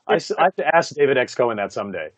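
A man, a voice actor, telling stories from his career in a casual interview, animated and laughing often, with many "you know" fillers. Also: medium pitch, very fast, no echo. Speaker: voice actor guest.

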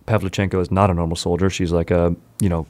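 A man hosting a comedy podcast, telling a history story in an animated, joking way full of puns. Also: low-pitched, quick pace, no echo. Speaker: podcast host.

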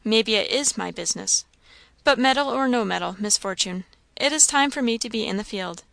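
A woman voicing a gruff, plain-spoken country farmhand man with rustic, drawling speech. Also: a little high, moderate pace, a bit bright, no room sound. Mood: firm.

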